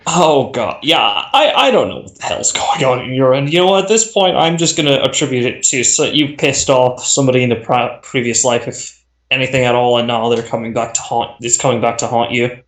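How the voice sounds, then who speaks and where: A man running a tabletop game, chatting casually between turns with a halting delivery full of fillers and restarts, heard over a voice call. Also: medium pitch, a bit bright. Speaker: game master. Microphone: voice chat over the internet. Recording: echoey voice-chat audio.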